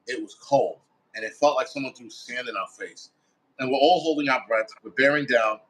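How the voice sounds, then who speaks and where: A man's voice: mid-range voice, moderate pace, fairly bright tone, poor audio. A man, a firefighter guest, telling a story in a blunt, casual way with heavy swearing, acting out his own quoted thoughts. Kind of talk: casual first-person storytelling.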